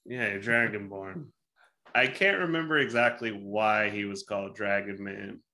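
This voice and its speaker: A man's voice: lowish voice, a little slow, bright, forceful tone. A man in his thirties co-hosting a podcast, reading out trivia questions in a casual, joking way and swearing freely. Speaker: podcast co-host running a trivia game. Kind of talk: casual chat.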